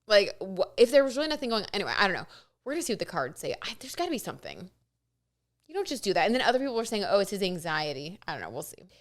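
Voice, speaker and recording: A woman vlogger and tarot reader chatting excitedly to camera, full of asides and "like". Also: mid-range voice, very fast. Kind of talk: casual gossip chat to camera.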